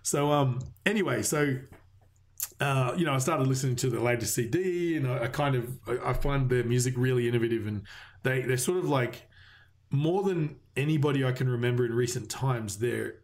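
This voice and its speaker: A man in casual conversation, telling an anecdote with lots of swearing and quick quoted voices. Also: medium pitch. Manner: swears a lot, animated storytelling with quoted voices. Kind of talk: casual chat.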